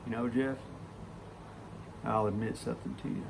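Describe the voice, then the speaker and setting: A man putting on a blunt, gruff old workman who speaks in a low, matter-of-fact way. The voice is gravelly with a rough edge, at an ordinary pitch. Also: level tone, moderate pace, noisy background, natural voice. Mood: confiding. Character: gruff old male coworker, dry and blunt.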